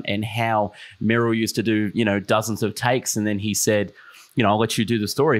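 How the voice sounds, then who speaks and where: Guy hosting a podcast, lowish voice, lots of ums and restarts. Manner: hesitant, many ums and restarts. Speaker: podcast host. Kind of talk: conversational interview.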